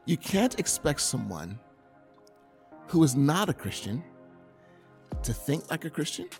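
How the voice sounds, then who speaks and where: A man preaching a sermon in a conversational, animated way, with everyday examples. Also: fairly high pitch, measured pace, creaky, soft background music.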